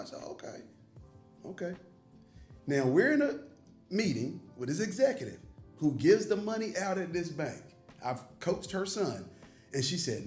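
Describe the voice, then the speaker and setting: A man's voice: high-pitched, normal speed, long pauses. A man from North Carolina with a Southern accent, a pastor hosting a casual conversation, who tells stories and acts out what others said. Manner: animated storyteller acting out quoted voices. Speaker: pastor and host. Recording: roomy room with faint music.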